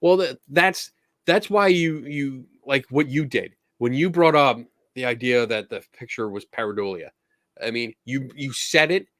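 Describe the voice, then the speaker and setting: A man's voice: medium pitch, moderate pace, fairly bright tone, dry recording, studio quality. Easygoing man telling stories. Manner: easygoing storyteller, acts out quoted exchanges. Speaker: podcast host. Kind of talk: casual conversational chat.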